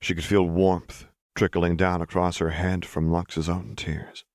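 A man narrating fan fiction with measured, tender storytelling. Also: deep voice, no echo, clean studio sound. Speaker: audiobook narrator.

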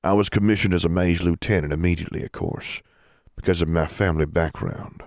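A man's voice: low voice, steady tone, fairly quick, gravelly, darkish tone, dry recording, studio quality. A man voicing a stern, pompous middle-aged dean in an audiobook.

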